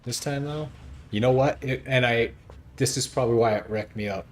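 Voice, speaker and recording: A man streaming a video game, chatting casually and joking as he thinks out loud. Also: medium pitch, normal speed, slight background noise. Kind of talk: casual gameplay commentary.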